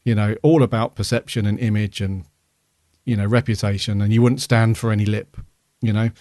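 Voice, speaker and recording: A man's voice: lowish voice, fairly even intonation, brisk, a little mellow, no echo, clean studio sound. A man co-hosting a podcast, chatting casually in a rambling, hesitant way with many fillers. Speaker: podcast co-host. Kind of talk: casual review chat.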